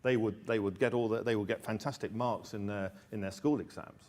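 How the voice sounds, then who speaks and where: A man's voice: fairly low pitch, fairly even intonation, fairly quick, darkish tone. A middle-aged man giving a presentation about a course book, talking with many restarts and repeated words. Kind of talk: presentation talk.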